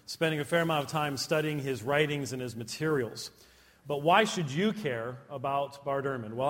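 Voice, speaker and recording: A man's voice: on the high side, fairly bright tone. A man giving a conference lecture to a live audience, with humorous, self-deprecating asides. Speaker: conference speaker. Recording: long hall reverb.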